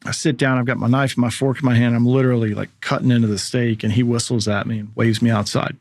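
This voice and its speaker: Dry-voiced man telling a lively story. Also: mid-range voice, fast, dry recording. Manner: animated storyteller, acts out quoted voices. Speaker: guest, former pro baseball pitcher. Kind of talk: casual storytelling interview.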